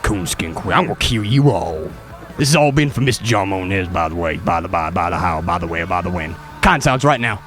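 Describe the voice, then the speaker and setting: A man hosting a crude comedy radio show in a put-on Southern accent, drawling and mocking, breaking into sudden high yelps. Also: lively intonation, a little fast, a bit bright, faint music behind. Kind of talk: crude comic radio banter in a character voice.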